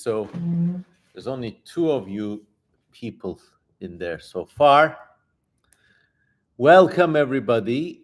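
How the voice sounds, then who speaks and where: A man hosting a live stream, chatting casually and reading viewer comments aloud in a relaxed, easygoing way. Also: on the high side.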